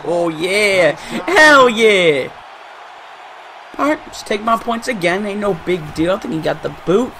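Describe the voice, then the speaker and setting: A man gives live commentary over a football video game match he is playing. His voice sits high, and he talks at an unhurried pace. He gets excitable, groaning, swearing and shouting at the plays. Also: background noise. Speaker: gaming YouTuber.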